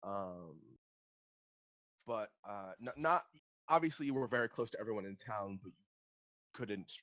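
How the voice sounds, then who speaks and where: Low-voiced hesitant male game master. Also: expressive, a little slow, fairly bright tone, dull audio. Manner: hesitant, many ums and restarts. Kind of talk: narrating a tabletop game.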